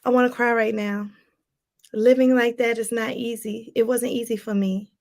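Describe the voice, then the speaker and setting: A woman's voice: fairly high pitch, fairly even intonation, moderate pace, a little mellow. A woman from Washington, D.C., giving a motivational talk as a life coach, emphatic and repeating her points straight to viewers.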